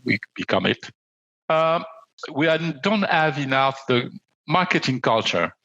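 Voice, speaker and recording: A man with a French accent, French his first language, answering as a podcast guest in a hesitant way with many pauses and fillers. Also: mid-range voice, very animated, sharp tone, no room sound, dull audio. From France. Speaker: magazine editor and awards judge.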